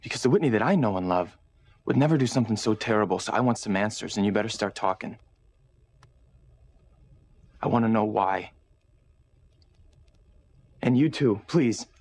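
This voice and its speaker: A man's voice: fairly low pitch, moderate pace, gravelly, long pauses, a little mellow, husky. An actor playing a betrayed young man who demands answers, in sarcastic, insistent soap opera dialogue. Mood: angry. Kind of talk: daytime soap acting.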